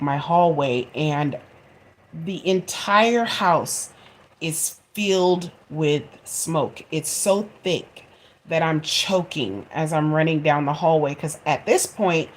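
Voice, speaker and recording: A woman in her forties telling a funny home story to her viewers in a chatty, expressive way and laughing at herself. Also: sits low. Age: 40s. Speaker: vlogger. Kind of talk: casual storytelling to camera.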